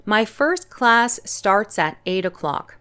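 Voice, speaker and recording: A woman's voice: mid-range voice, very animated, slow, sharp tone, faint music behind. A woman hosting her own channel, giving a patient English punctuation lesson. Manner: clear, patient explaining. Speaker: English teacher. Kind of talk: online grammar lesson.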